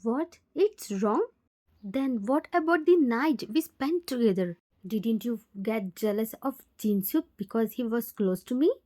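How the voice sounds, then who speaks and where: Woman doing a hurt 20 yr old girl, indian english accent, soft mellow higher voice. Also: animated, unhurried, hardly any pauses. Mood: shocked. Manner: hurt, accusing. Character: heartbroken twenty-year-old girl.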